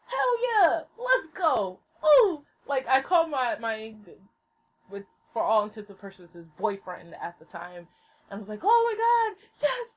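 A woman's voice: on the high side, husky. Woman, solo podcast host, casual rant, lots of swearing, bursts of squealing, lo-fi laptop sound. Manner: excitable, swears a lot, squeals when excited. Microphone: laptop mic. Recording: lo-fi home recording with laptop hum.

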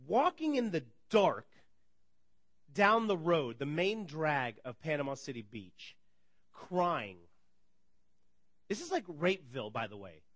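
Animated bright-voiced man preaching. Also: fairly high pitch, no room sound. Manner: energetic storytelling, acts out dialogue, laughs often. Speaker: pastor. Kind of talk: sermon.

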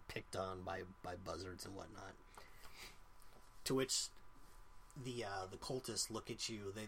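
A man's voice: lowish voice, a bit bright, a little hiss or hum. A man narrating as game master in a tabletop game, casual and rambling with lots of fillers.

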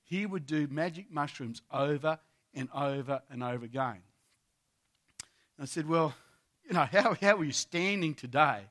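A man's voice: fairly high pitch, expressive, normal speed, pauses often, a bit bright. A man preaching a sermon as a pastor, telling a story vividly and addressing his listeners as friends, repeating key phrases for emphasis.

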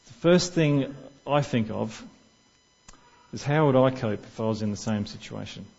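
A man's voice: medium pitch, normal speed, gravelly, darkish tone, lo-fi sound. Man preaching a conversational sermon. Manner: conversational, asks the congregation questions.

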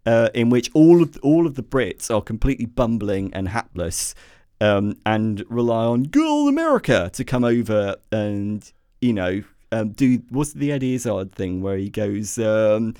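A man's voice: fairly low pitch, sing-song, normal speed, mellow, clean tone, no echo, clean studio sound. A man co-hosting a podcast, sarcastically tearing into a movie with lots of ums and restarts. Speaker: podcast co-host. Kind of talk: casual film review chat.

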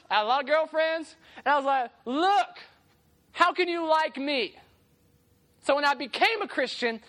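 Animated young male youth preacher. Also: very high voice. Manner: animated, laughing, acts out the voices in his story. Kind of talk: casual storytelling sermon.

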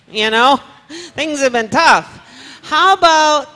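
Lady pastor preaching, stresses the verses slow, big church echo. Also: high-pitched, expressive, sharp tone. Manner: reads scripture aloud slowly with emphasis. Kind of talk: sermon. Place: church sanctuary. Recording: long reverb of a church hall.

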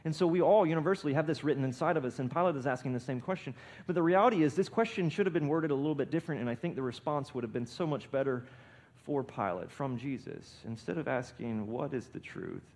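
A man preaching a sermon, building to loud emphatic peaks and often restarting his words. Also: fast. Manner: emphatic preaching with swells in volume and pitch; frequent restarts and repeated words. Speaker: pastor.

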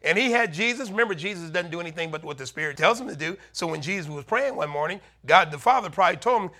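A man preaching a sermon, retelling a Bible story with lively asides and acted-out warnings. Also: high voice, fast talker. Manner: animated preaching, acting out townspeople's warnings.

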